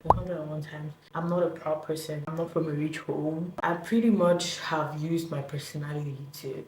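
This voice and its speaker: A woman's voice: deep voice, steady tone, moderate pace, a little mellow. A young woman, a content creator, chatting casually on her vlog and often asking "you get what I mean?". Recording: echoey room, faint background noise.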